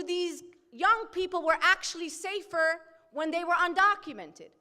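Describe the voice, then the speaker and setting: A high, bright woman's voice with a New York accent rings out in a bold, impassioned keynote speech. She speaks outspokenly from a podium, and a long hall reverb trails each phrase. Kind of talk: fiery political speech. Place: banquet hall.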